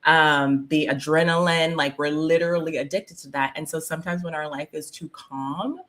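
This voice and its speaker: Woman, slightly low voice, casual livestream chat, laughs a lot, lots of fillers. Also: steady tone, normal speed, a bit bright. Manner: chatty, laughs often, reads viewer comments aloud; filler-heavy with "like" and "um". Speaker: spiritual coach hosting a live stream.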